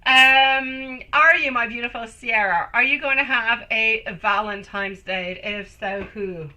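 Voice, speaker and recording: A woman's voice: a little high, measured pace, bright, forceful tone, faint music behind, low-quality recording. A woman hosting a live-stream tarot reading, chatting with viewers and calling them sweetie and my love. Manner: chatty, reads viewer comments aloud and answers.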